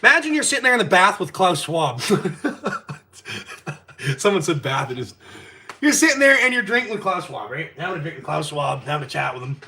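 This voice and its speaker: Brief: male stream host, high, bright voice, profane, heated, rambling rant. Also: lively intonation, moderate pace. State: drinking. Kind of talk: casual live-stream rant.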